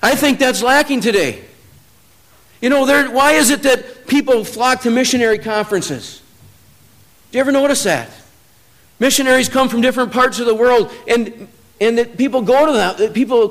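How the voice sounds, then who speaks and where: A man preaching a sermon, telling a personal story, who swings from low, quiet stretches to loud, emphatic peaks. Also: moderate pace.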